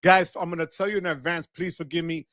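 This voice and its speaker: Upbeat man hosting a live show, high voice. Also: quick pace, no echo, clean studio sound. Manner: lively, greets viewers one by one, sprinkles Spanish words. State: voice affected by allergies. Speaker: host of a live credit card show. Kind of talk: casual livestream chat. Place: home studio. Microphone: close studio mic.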